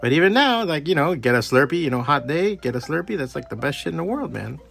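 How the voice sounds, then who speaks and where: Here the host talks fast, his gravelly voice pitched fairly high, while faint music runs underneath. He's a middle-aged man from the Miami area doing a casual solo podcast rant, heated and profane, telling animated stories.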